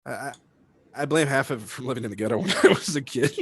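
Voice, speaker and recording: A man being interviewed about his voice work, talking in a lively, animated way, laughing often and slipping into character voices. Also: mid-range voice, fast talker. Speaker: voice actor guest. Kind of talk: casual interview chat.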